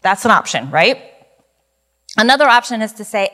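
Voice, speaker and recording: A woman giving a conversational Bible lesson in a lively, chatty way, often asking rhetorical questions. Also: a little high, normal speed, pauses often. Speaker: Bible study teacher. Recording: long reverberant hall.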